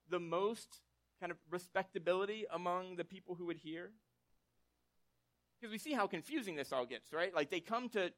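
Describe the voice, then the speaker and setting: A man preaching a sermon in a casual, conversational way, often checking in with listeners and acting out short quotes as he tells the story. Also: sits high. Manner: conversational, tag questions like "right?"; animated storytelling with acted quotes. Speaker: pastor.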